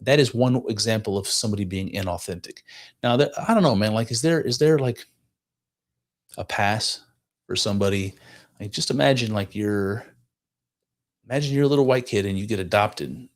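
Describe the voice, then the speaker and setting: Male podcast co-host, lowish voice, earnest, rambling delivery. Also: moderate pace, long pauses. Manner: rambling, many restarts and fillers, earnest. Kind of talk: casual chat.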